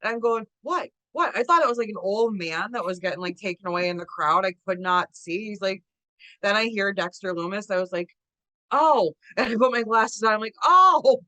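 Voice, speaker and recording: A woman co-hosting a podcast, telling stories in a lively, casual way and acting out quotes. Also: mid-range voice, a little fast, no room sound. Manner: animated storyteller, acts out quotes, laughs often. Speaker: podcast co-host. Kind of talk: casual chat.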